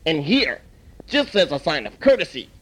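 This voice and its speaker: A man voicing a calm old male restaurant elder who talks slowly and soothingly and hums between phrases. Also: on the high side, breathy edge, heavily acted, poor audio.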